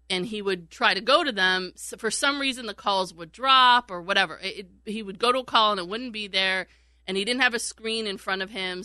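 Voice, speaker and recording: Bright-voiced woman telling a story. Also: medium pitch, dry recording. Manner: animated, laughing often, acting out quotes. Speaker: radio show regular, former call screener. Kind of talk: casual storytelling chat.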